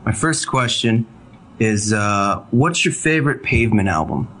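A man's voice: on the low side, very animated, measured pace, a bit bright, a little hiss or hum, rough recording. A man from Ohio calling in to a podcast, speaking politely and hesitantly with many ums. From Cleveland, Ohio. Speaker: caller. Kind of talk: casual phone-in chat.

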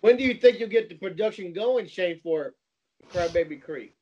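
A man's voice: high-pitched, lively intonation, normal speed, a little mellow. A man in a casual chat, teasing the others with his questions. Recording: dull lo-fi recording.

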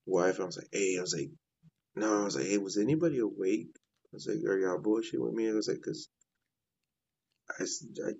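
A man's voice: lowish voice, steady tone, brisk, vocal fry, pauses often, darkish tone, slightly rough, muffled recording. A man telling a personal ghost story in casual, rambling fashion, often repeating "I was like". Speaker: guest sharing a paranormal story.

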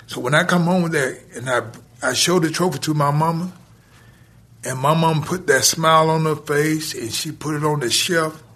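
This male podcast guest speaks at a fairly high pitch with a touch of brightness. He stretches out a long personal anecdote, leaning again and again on "he said" and "I said."

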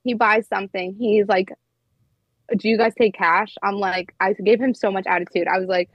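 This twenty-something flight attendant spins chatty stories peppered with "like" during casual podcast talk. Her mid-range voice has lively intonation and a moderate pace, with no room sound.

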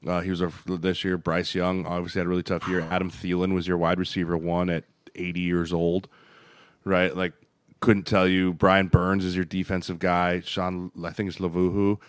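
A man co-hosting a sports podcast as a former lineman, talking football in a blunt, profane, animated way. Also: low-pitched, normal speed, smooth, no room sound. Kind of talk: casual sports chat. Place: podcast studio.

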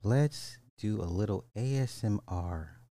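A man hosting a casual live show, greeting chat viewers by name in an animated, playful way. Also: on the low side, slow, no echo, studio quality. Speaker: host.

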